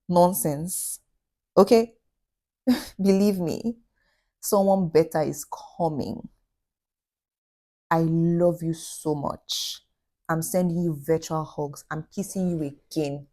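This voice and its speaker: A woman's voice: low-pitched, warm tone. A woman giving heartfelt, encouraging advice in a vlog, repeating her phrases for emphasis. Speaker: vlogger.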